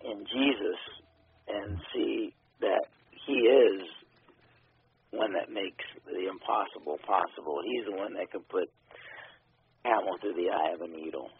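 Gravelly husky man on a phone-like line. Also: deep voice, a little slow, no echo. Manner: hesitant, many ums and you knows. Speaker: filmmaker guest. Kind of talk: casual interview talk. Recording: phone-like radio audio.

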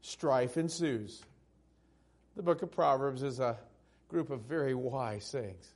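A male pastor preaching a sermon, swinging from loud, emphatic peaks down to hushed, tender passages. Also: medium pitch, slow.

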